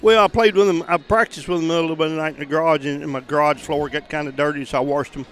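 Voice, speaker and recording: An older man, talking through a post-match interview outdoors. He rambles folksily and restarts his sentences. His voice runs fairly high. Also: fairly even intonation, fast, a bit bright. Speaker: senior champion player being interviewed.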